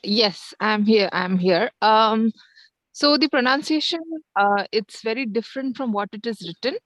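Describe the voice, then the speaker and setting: A woman's voice: on the high side, a little slow, fairly bright tone, dry recording, poor audio. Hesitant woman student on a call. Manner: hesitant, with fillers. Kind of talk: answering in an online class.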